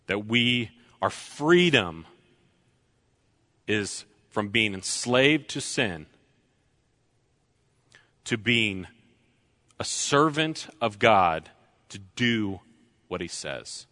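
A man preaching a sermon, slow and deliberate, repeating key lines for emphasis. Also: fairly low pitch, lively intonation, bright, forceful tone.

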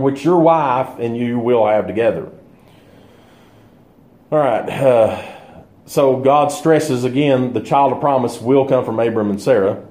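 A man's voice: mid-range voice, dark tone. A man teaching a bible study in a conversational way, thinking aloud with fillers and restarts. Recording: echoey room.

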